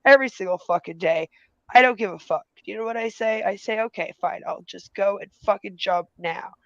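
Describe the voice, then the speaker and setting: Gravelly, foul-mouthed ranting woman. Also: mid-range voice, brisk, fairly bright tone, no room sound. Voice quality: heavy swearing, mocking impressions of critics. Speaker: commentary streamer. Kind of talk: angry ranting commentary. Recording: dull lo-fi dry sound.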